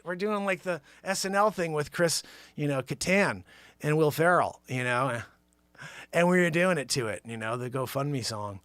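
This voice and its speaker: Male host, bright and sharp tone, very lively pitch, improvised comic riffing with shouted bursts, dry close sound. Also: moderate pace, no echo. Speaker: show host. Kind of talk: improvised comedy monologue.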